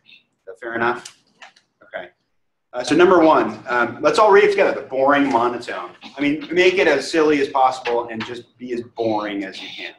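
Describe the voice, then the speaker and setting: An energetic man teaches a roomful of new agents, pushing them with quick questions. His mid-range voice arrives from a distance, with the room echoing around it and a faint hiss underneath. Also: medium pitch. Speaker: real estate trainer. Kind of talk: classroom training talk. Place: training room with a group.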